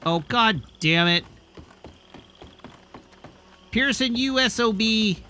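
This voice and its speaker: A man's voice: sits high, slow pace, sharp tone, slight background noise. A man streamer giving casual gameplay commentary with wry, self-amused asides. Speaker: let's play streamer.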